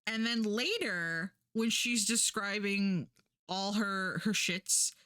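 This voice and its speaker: A woman's voice: medium pitch, animated, takes it slowly, pushed and bright, no room sound. Woman on stream just rambling and cussing, dry close sound, mid voice. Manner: rambling, swears a lot, acts out quotes. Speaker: Twitch streamer. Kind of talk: casual stream chat.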